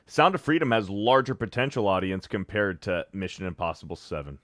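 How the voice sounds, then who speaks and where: A man's voice: low voice, a little fast, fairly bright tone, dry recording, studio quality. A man co-hosting a podcast, reading paid viewer messages aloud. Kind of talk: casual podcast chat.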